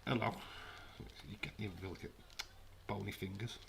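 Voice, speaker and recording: A man giving jokey, casual commentary on a live watch-along stream from his flat. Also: on the low side, normal speed, vocal fry, background noise. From United Kingdom. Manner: jokey, banters with chat. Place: home, in a flat.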